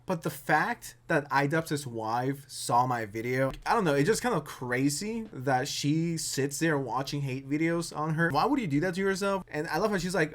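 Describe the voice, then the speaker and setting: A man's voice: fairly high pitch, lively intonation, moderate pace, few pauses. A man ranting in a sarcastic, mocking tone as a commentary YouTuber.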